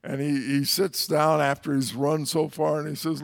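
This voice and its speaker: A man's voice: fairly high pitch, flat delivery, normal speed, vocal fry. A man teaching through a Bible passage in a conversational way, with wry, folksy asides.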